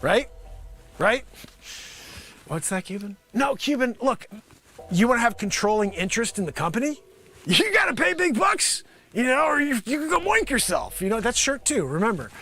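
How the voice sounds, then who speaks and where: A man hosting a live improv comedy show, rambling through a pitchman bit and talking to an imagined panel, now and then bursting into shouts. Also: big pitch swings, normal speed, creaky.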